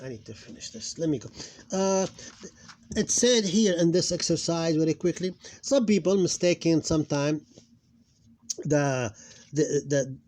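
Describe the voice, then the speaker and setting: Halting man teaching a language lesson. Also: a little high, a little mellow. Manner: halting, repeats words while explaining. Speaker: Arabic teacher.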